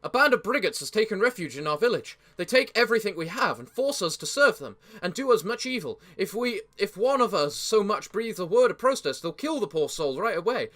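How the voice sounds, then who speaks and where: A man voicing a frightened male villager pleading for help in an earnest, soft voice. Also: high-pitched, sing-song, brisk, hardly any pauses, exaggerated voice.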